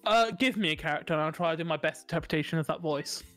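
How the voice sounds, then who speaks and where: A man co-hosting a podcast in casual chat, animated and quick to swear and joke at himself. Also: fairly high pitch, faint music behind. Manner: animated, swearing, self-mocking. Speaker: podcast co-host. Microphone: studio mic.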